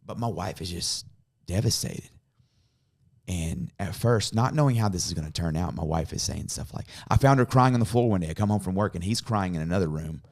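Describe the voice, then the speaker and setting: A pastor tells a personal story in an earnest, conversational way. His voice sits low, and it drops to a hush when the story turns tender. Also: animated, a little fast. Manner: earnest storytelling, softening to a hush in emotional moments.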